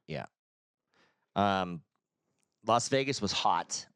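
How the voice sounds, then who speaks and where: A man's voice: deep voice, expressive, extremely slow, a bit bright, smooth, no room sound, studio quality. A middle-aged man with a nasal voice hosting a casual podcast chat, rambling, swearing freely and restarting his sentences. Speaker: podcast host.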